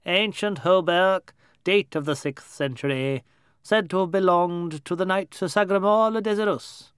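Casting: man playing a tour guide, smooth clear voice, formal recited patter. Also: high voice, moderate pace, fairly bright tone, dry recording, clean studio sound.

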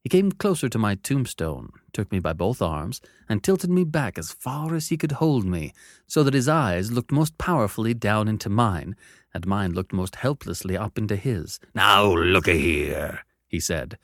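A man giving expressive, dramatic first-person narration of a classic novel. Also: lowish voice, moderate pace, no echo, studio quality.

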